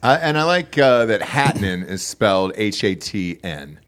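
A man hosting a podcast, chatting casually, swearing freely and reacting loudly. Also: on the low side, a little slow. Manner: loose, swearing, animated reactions. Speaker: podcast host. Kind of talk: casual chat.

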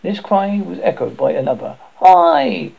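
A man narrating a novel aloud with an animated delivery, with slips he corrects as he goes. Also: mid-range voice, unhurried, gravelly, slightly rough. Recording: dull lo-fi recording.

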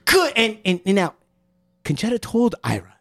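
A man's voice: high voice, animated, normal speed, a bit bright. A man hosting a podcast in casual chat, laughing as he retells a story. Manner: chatty, laughs while telling. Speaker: podcast host.

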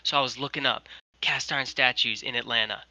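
A young man tells a long, animated anecdote over a video call and keeps slipping into what people said. His voice is very bright and edgy. The audio is dry and close, with no room around it. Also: mid-range voice, brisk, no echo, low-quality recording. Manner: rambling, animated, quotes people. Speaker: guest, merch designer. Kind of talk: casual storytelling.

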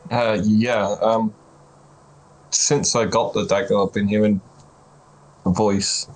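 A man chatting as a player at a tabletop game, halting and filling gaps with ums. His voice is fairly low and stays very flat. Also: a little hiss or hum, poor audio. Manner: halting, filler-heavy. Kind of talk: casual tabletop role-play.

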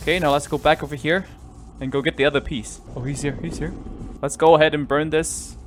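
A man commentating a horror game let's play, jumpy and easily startled, swinging between loud yelps and quiet muttering. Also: on the high side, fairly even intonation, fairly quick, a little hiss or hum. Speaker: gaming YouTuber.

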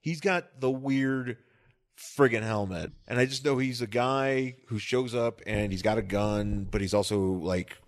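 A man in casual podcast chat, voice pitched in an ordinary middle range. He rambles through comic riffs with loose, offhand delivery and frequent laughter. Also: measured pace. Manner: joking, rambling, laughs often. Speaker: podcast co-host.

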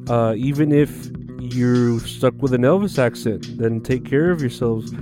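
A man's voice: mid-range voice, unhurried, music in the background. A man hosting a podcast in a casual, rambling, profane monologue full of filler words. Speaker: podcast host.

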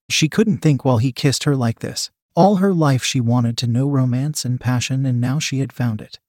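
Man, narrator, calm steady reading, ordinary male pitch, dry close recording. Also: dry recording. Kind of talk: romance story narration.

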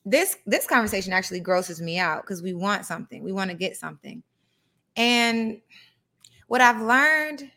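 Bright-voiced woman hosting a live podcast. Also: mid-range voice. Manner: animated, conversational, reads passages aloud. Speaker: podcast host.

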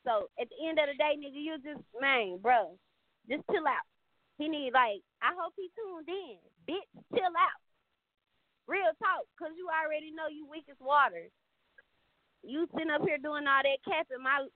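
A woman's voice: sits high, no room sound. A woman rapper on a radio interview, cursing and calling someone out in a confrontational rant. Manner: profane, confrontational, calls someone out. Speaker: rapper guest. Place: radio studio. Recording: tinny phone-like sound.

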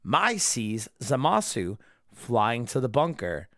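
A man's voice: mid-range voice, very animated, slow, a bit bright, no echo, studio quality. A drunk man ranting alone about an episode he disliked, angry and full of swearing. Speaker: anime reviewer. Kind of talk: solo episode review rant.

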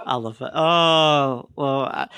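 A Scottish woman hosting a podcast interview, chatty and quick to laugh. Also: a bass voice, fairly bright tone, clean tone, no echo. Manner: giggly, chatty. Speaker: podcast host. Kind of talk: casual interview chat.

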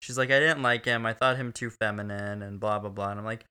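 A man's voice: on the low side, fairly even intonation, fairly quick, hardly any pauses, sharp tone, clear, resonant tone. A young man co-hosting a casual movie review chat, crude and sarcastic, laughing often. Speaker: podcast co-host.

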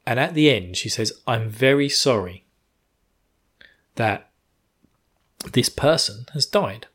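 Animated man reviewing a show. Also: medium pitch, slow pace, slightly rough. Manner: animated, laughs often, acts out characters' lines. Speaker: podcast host reviewing an anime. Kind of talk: casual review chat.

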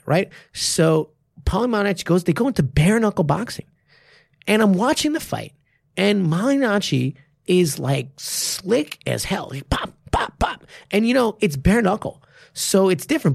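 A man's voice: high-pitched, vocal fry, no echo, studio quality. A man who coaches martial arts and co-hosts a podcast, talking casually and with animation, swearing freely. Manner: animated, swears freely, quick bursts of enthusiasm. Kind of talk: casual chat.

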